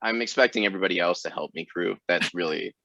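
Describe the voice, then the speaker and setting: A man, a runner being interviewed, who answers with dry, deadpan jokes in casual chat. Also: low voice, fast, gravelly, no echo, highs cut off. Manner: dry joking, deadpan humor. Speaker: ultrarunner guest.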